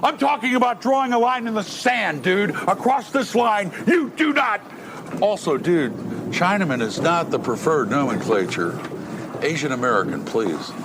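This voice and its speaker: A bullying middle-aged bowling buddy who lectures and barks at his friends, his high voice swinging up and down as he argues. His lines sit in a film clip with loud room ambience around them. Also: big pitch swings, normal speed, background noise. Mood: lecturing.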